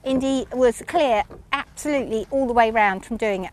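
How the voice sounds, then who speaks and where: A woman's voice: fairly high pitch, moderate pace, noisy background. A woman chatting casually about her lesson, rambling and self-mocking, with frequent ums. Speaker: horse rider reviewing her lesson. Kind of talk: casual chat.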